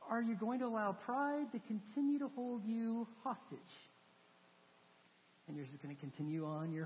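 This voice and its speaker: A man preaching a sermon, rising to emphatic questions and dropping to soft, hushed storytelling. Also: extremely high pitch, muffled recording. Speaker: pastor. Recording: long hall reverb.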